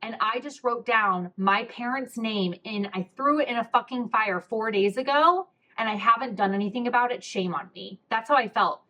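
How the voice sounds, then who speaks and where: Chatty, candid young woman, slightly high. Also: moderate pace, few pauses, pushed and bright. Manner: chatty, candid, swears freely, heavy use of "like". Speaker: podcast host. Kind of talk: casual confessional storytelling.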